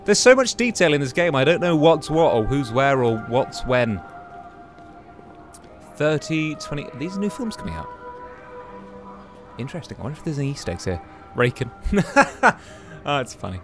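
A man talking his way through a video game with chatty, musing commentary. His pitch rises and falls a great deal, and he keeps breaking into exclamations. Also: very animated, normal speed, pauses often, soft background music. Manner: chatty, exclaims and muses aloud while playing. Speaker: gaming YouTuber. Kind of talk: casual gameplay commentary.

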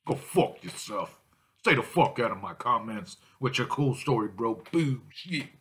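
A man's voice: medium pitch, lively intonation, a little slow, fairly bright tone, breathy edge. A man vlogging about drinking malt liquor, ranting angrily at viewers with constant swearing. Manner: angry, foul-mouthed, insulting. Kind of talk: profane ranting vlog.

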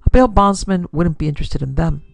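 A woman voicing a soft-spoken, overly polite gangster in a pulp detective story. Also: low-pitched, fairly quick, creaky, dry recording, faint music behind, heavily acted. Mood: smooth menace.

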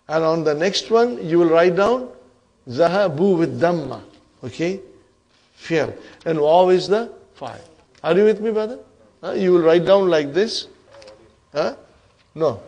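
With a high-pitched, slightly mellow voice, a male Arabic teacher gives a grammar lesson at a slow, deliberate pace, speaking a little louder than normal. He regularly fires quick questions at the class and checks that everyone keeps up.

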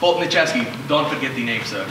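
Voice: animated, fast, lightly acted. A young man playing a scheming con man who stages drownings for money, haggling theatrically on a school stage. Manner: haggling, theatrical, sweeping pitch, shouts for help. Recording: echoey stage heard from far off with hiss.

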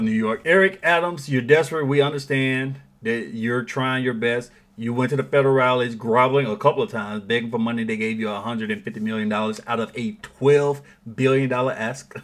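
A man giving opinionated news commentary in a vlog, sarcastic and mocking, with frequent chuckles. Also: mid-range voice. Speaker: political commentary vlogger.

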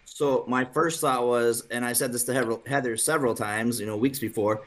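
A man talking in a relaxed podcast chat as a guest, recounting a trip in a storytelling way and chuckling as he goes. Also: mid-range voice, a little fast. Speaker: hunting staff coordinator guest.

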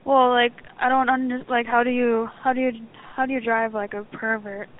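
A woman's voice: fairly high pitch, flat delivery, brisk. A woman answering a phone call as a shop manager, polite and apologetic but firm. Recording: phone line.

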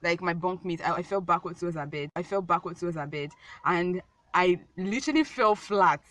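A woman's voice: on the low side, brisk, a bit bright, dry recording. A young woman telling a casual storytime vlog, rambling and repeating herself with many fillers. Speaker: vlogger.

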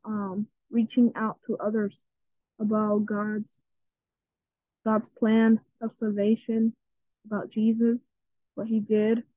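A woman's voice: mid-range voice, no room sound. Chatty, jittery woman gaming on a tinny line. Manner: chatty and jittery, repeats herself, gets easily scared. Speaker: gaming channel host. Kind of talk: casual gameplay commentary. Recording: tinny phone-like sound.

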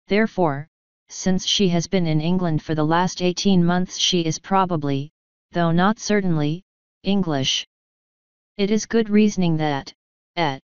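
A woman voicing a shrewd, calm older male detective who reasons in a measured, precise way, in an audiobook. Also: lowish voice, clean tone, no echo, natural voice. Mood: reasoning. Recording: dull, dry lo-fi audio.

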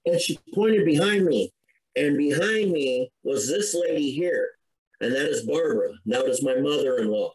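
A man's voice: on the high side, animated, normal speed, darkish tone, low-quality recording. Earnest middle-aged man telling his story. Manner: earnest, conversational, with frequent restarts. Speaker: podcast guest. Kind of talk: recounting a personal story.

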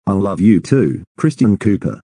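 A performer voicing a calm, soothing cartoon father with a very deep voice. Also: normal speed, slightly rough, no echo, heavily acted.

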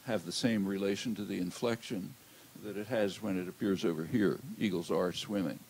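Older man lecturing, low gravelly voice. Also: fairly even intonation, a little mellow, a little hiss or hum, rough recording. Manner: measured, halting, many "uh" fillers. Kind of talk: academic lecture. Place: lecture hall. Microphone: handheld or lectern mic.

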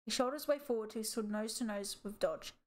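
A woman reading a children's animal novel aloud as audiobook narration in a steady storytelling way. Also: a little high, a little fast. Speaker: audiobook reader.

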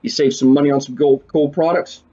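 A man giving casual commentary over a video game, excitable and swearing often as he talks to his viewers. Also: medium pitch, a little fast, lo-fi sound. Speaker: let's play gamer.

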